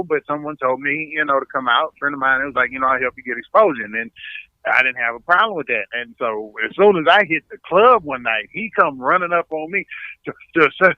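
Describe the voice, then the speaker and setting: A man, a stand-up comedian guest, telling stories in a casual chat, animated, repeating his words as he goes. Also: medium pitch, no room sound. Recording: dull, lo-fi dry sound.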